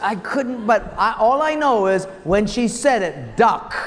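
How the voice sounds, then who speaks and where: An older pastor with a fairly high voice preaches with lively, laughing storytelling. His words carry a long reverb, as from a large hall. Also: gravelly, a little hiss or hum. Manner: animated storyteller, laughing through anecdotes. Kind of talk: sermon with comic storytelling.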